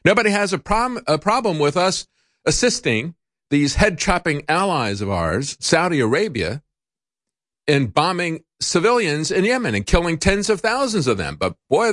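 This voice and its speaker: A man's voice: a little high, big pitch swings, normal speed, fairly bright tone, dry recording. A man hosting a political talk show in a studio, delivering indignant, sarcastic commentary. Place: broadcast studio.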